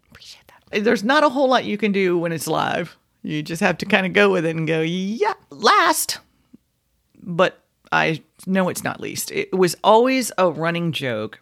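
A middle-aged woman hosting her own podcast, telling embarrassing stories in a casual, self-mocking way and laughing at herself. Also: deep voice. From South Florida. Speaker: podcast host, former radio personality. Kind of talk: casual storytelling monologue.

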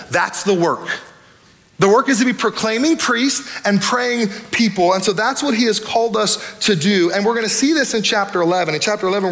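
A man pastor preaching a sermon in an energetic, conversational way, with acted asides. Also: high-pitched.

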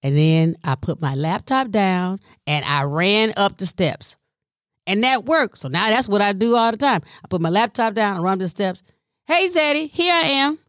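A middle-aged woman caring for her mother, telling a personal story in an animated, colloquial way and sometimes dropping into a whisper. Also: medium pitch, moderate pace, no room sound, clean studio sound. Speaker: family caregiver.

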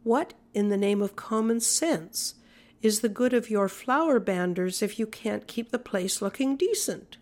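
A woman's voice: mid-range voice, measured pace, a little mellow, close to an everyday voice. A woman reading the lines of an irritated older father speaking in an angry undertone.

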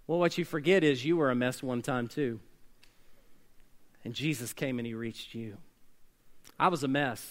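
A man preaching a sermon as pastor, swinging between loud emphatic bursts and quiet hushed lines. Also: mid-range voice, normal speed, long pauses. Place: church sanctuary.

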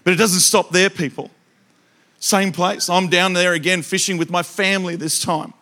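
A man with an Australian accent preaching a sermon, telling comic stories in an animated, joking way and talking straight to the crowd. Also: high-pitched, moderate pace.

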